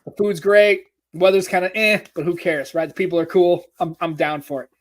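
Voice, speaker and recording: An American man with a slightly high voice co-hosts a tech podcast. He talks in a loose, jokey way and swears freely. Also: fairly even intonation, a little fast. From United States. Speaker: podcast co-host. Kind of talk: casual podcast chat.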